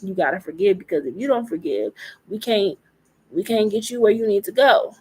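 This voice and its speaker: A woman voicing a spirit guide who urges firmly and insistently, louder than her usual talk. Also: mid-range voice, fairly quick, husky, lightly acted, poor audio. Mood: coaxing. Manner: urging and insistent. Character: firm coaxing spirit guide.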